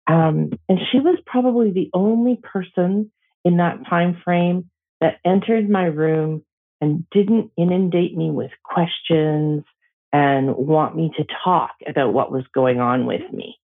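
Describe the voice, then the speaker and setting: Middle-aged woman elder, slow heartfelt storytelling with pauses, thin phone-like sound. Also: on the low side. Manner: slow, gentle, emotional telling with pauses. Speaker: Métis elder sharing a personal story. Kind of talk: reflective personal storytelling. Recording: tinny phone-like audio.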